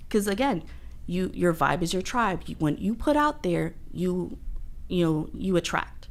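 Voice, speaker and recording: A woman's voice: on the low side, lively intonation, a little slow. Young woman, podcast guest; upbeat, chatty, laughs easily. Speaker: agency coordinator, guest. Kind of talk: casual interview chat.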